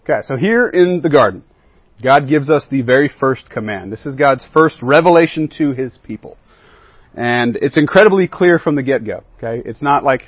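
A man's voice: medium pitch, lively intonation, normal speed, no echo, dull audio. A man leading a Bible lesson as a youth pastor, often asking the group questions and checking in with "right?" and "okay?".

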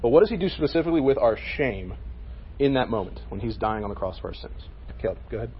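A man's voice: medium pitch, animated, fast talker, muffled recording, a little hiss or hum. A man leading a casual Bible lesson for a youth group, talking to them with frequent "okay?" check-ins.

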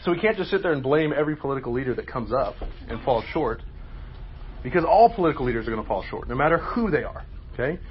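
A man's voice: medium pitch, expressive, fast talker, highs cut off, slight background noise. A man leading a group Bible study, asking questions and explaining in a conversational, emphatic way.

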